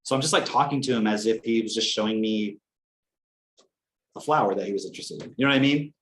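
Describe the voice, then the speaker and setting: A young man with a fairly low voice co-hosts a casual podcast. He tells stories with energy, slips into the voices of the people he quotes, and swears freely. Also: fast talker, slight background noise. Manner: animated storytelling, acts out quotes, swears casually. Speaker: podcast co-host.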